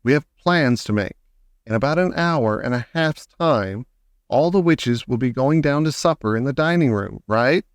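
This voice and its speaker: A man's voice: mid-range voice, expressive, normal speed, no room sound, clean studio sound, lightly acted. A man reading aloud and voicing an elderly grandmother who speaks patiently and precisely. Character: elderly grandmother, calm, firm, proper.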